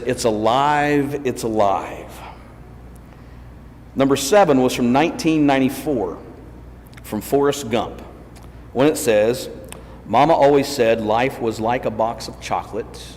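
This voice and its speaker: Brief: male preacher, mid-pitch, folksy storytelling, roomy church reverb. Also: a little hiss or hum. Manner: chatty, anecdotal, repeats himself. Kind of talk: storytelling sermon. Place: church sanctuary. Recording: long church hall reverb.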